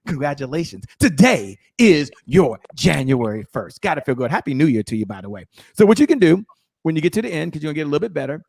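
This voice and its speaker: Male sales coach on a live show, quick emphatic delivery, somewhat high voice. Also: vocal fry, no echo. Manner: energetic, emphatic, acts out sales dialogue.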